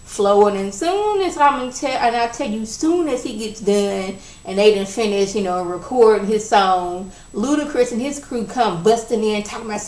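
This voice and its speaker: A woman's voice: medium pitch, normal speed, hardly any pauses. Chatty woman recapping in an echoey room. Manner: animated, acts out characters' lines. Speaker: TV episode reviewer. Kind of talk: casual recap and commentary. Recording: echoey room with faint background noise.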